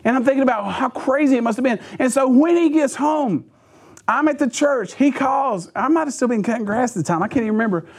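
A man preaching a sermon, telling personal stories in an animated way, chuckling and restarting phrases. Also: extremely high pitch, a little fast, slightly rough. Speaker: pastor.

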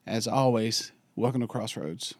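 A youth pastor, a man whose voice is nearly gone, speaking quietly and unhurriedly as he introduces a church podcast. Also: fairly low pitch, unhurried, no room sound, clean studio sound. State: hoarse, lost voice.

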